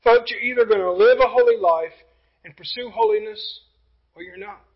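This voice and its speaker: A pastor preaching a sermon, emphatic, with rhetorical questions and passages that drop to quiet intensity. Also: male voice, high-pitched, normal speed, lo-fi sound.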